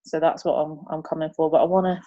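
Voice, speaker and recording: A young woman, chatting as an interview guest, upbeat and quick to laugh. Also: low voice, flat delivery, dark tone, highs cut off. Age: 20s. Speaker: martial arts competitor, interview guest. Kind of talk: casual interview chat.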